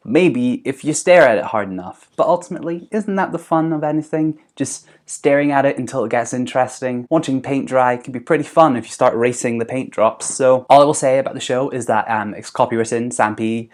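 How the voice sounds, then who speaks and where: A man's voice: mid-range voice, brisk, hardly any pauses. A young man giving a playful, rambling comedic monologue as a vlogger, full of "like". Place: bedroom.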